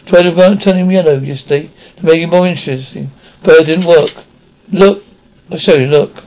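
A man's voice: on the high side, normal speed, darkish tone, slight background noise, lightly acted, rough recording. Ron, a man doing a chatty young schoolboy wizard. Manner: chatty and blunt. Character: excitable red-haired schoolboy wizard. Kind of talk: audiobook character reading.

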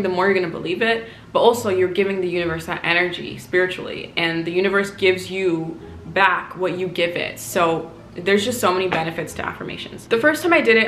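A woman's voice: lowish voice, fairly bright tone. A woman in her twenties, talking candidly in a casual vlog, with many "like" fillers. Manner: chatty, candid, lots of "like" fillers. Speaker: spiritual vlogger. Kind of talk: casual chat to camera. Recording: echoey room, faint noise.

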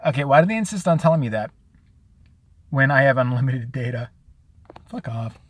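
A man live-streaming a casual rant, profane and sarcastic, who often mimics other people in a high, mocking voice. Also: animated, moderate pace. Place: out and about, at a store.

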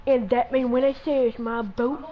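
A woman's voice: on the high side, steady tone, moderate pace, dull audio. A woman playing a video game with a friend, joking, cursing and yelping in mock panic. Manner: playful, profane, yelps in mock panic. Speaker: gamer. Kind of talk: casual gaming banter. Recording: noisy game audio behind voice.

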